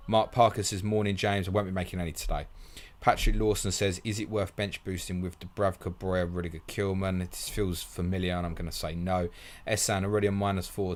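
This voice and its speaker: A man hosting a live fantasy football stream, bluntly answering viewer questions one after another and calling everyone mate. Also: low-pitched. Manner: blunt, matey, rattles through questions, calls everyone mate.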